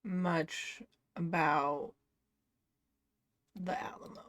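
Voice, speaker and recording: A woman making halting, drawn-out comments in casual chat as a co-host. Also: low voice, fairly even intonation, a bit bright, no echo.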